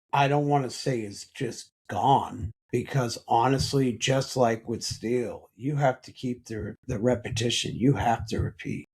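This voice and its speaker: A man with a husky, breathy voice of ordinary pitch shares a personal story on a podcast. He talks earnestly and haltingly, often restarting his sentences. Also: a little mellow. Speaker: podcast guest.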